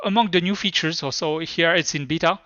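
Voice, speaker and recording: A man with a French accent, a native French speaker, giving a live tech demo at a conference in a halting way with many restarts. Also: fairly high pitch, sharp tone, dry recording. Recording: dull lo-fi sound.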